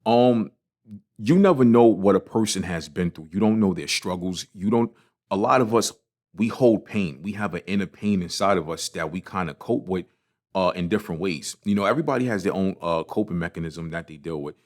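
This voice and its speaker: A man's voice: low-pitched, fairly quick, a little mellow. A man hosting his own podcast, talking casually and passionately about failure, swearing often and repeating himself. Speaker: podcast host. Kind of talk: casual motivational monologue.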